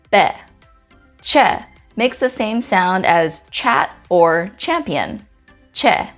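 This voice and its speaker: A woman from Guam hosting a pronunciation lesson, saying each letter slowly and carefully with example words. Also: on the low side. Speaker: host teaching the Chamorro alphabet. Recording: faint music in the background.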